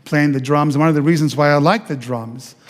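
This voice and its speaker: A pastor tells his testimony from the pulpit with a man's somewhat high voice. He speaks as an animated storyteller and acts out the voices of people he quotes. His voice rings through the long reverb of a church hall. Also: a little fast. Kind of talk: sermon testimony. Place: church sanctuary.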